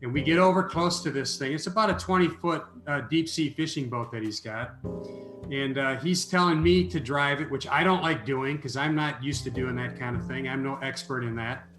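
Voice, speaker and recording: Animated storytelling man, roomy sound. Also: mid-range voice, normal speed, over music. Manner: animated storyteller, repeats words when starting. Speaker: interview guest, author. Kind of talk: storytelling in a podcast interview.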